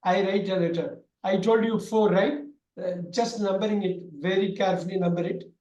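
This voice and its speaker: Teacher guy, loud, repeats everything, high-ish voice, echoey room. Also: steady tone, moderate pace. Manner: loud, repetitive explaining with many fillers. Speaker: English teacher. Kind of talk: online class lecture.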